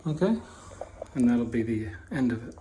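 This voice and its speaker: Working away at hanging wallpaper, a middle-aged man spins casual, animated stories at a slow pace. His voice sits in the mid-range, and a little hiss or hum can be heard.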